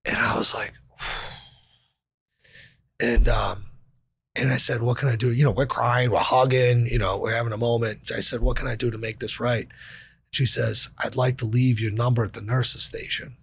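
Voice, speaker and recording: A man's voice: medium pitch, steady tone, moderate pace, vocal fry, long pauses, husky, no echo. A man in his thirties telling a candid personal story in casual conversation, swearing casually and acting out quoted dialogue. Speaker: podcast guest.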